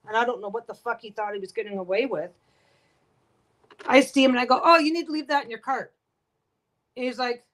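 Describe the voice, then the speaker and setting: A woman's voice: on the high side, a bit bright. A woman vlogger telling work stories in a blunt, profane, exasperated way as she sews, with a sewing machine heard behind her. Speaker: quilting vlogger. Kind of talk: casual storytelling while sewing.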